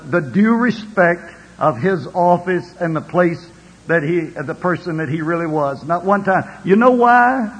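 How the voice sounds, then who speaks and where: An older male pastor preaches with a high, husky voice that swells and drops. His words echo with a long reverb through a church hall, and he keeps calling "Amen" to the people. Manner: preacher's rising and falling delivery, calling out "Amen". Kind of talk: sermon.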